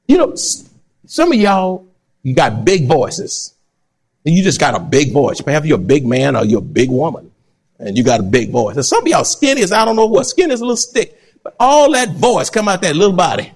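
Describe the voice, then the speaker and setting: A man preaching a sermon, animated and laughing often, swinging between loud and soft. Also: high voice, normal speed. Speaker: pastor.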